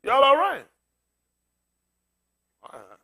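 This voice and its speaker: Slowly and in an extremely high-pitched voice, a bald, aging pastor delivers a humorous, conversational sermon. He's animated, telling jokes and speaking straight to the congregation.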